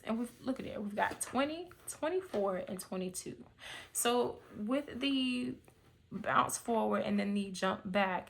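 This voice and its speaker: Gravelly-voiced woman doing a tarot reading. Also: mid-range voice. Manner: meandering, searching for words, frequent fillers. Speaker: tarot reader.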